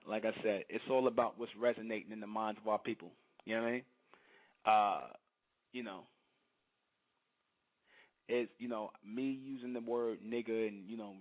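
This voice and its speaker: A man hosting a call-in show, talking bluntly and emphatically and repeating his phrases for emphasis. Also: mid-range voice. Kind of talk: call-in broadcast monologue. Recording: lo-fi phone-like broadcast audio.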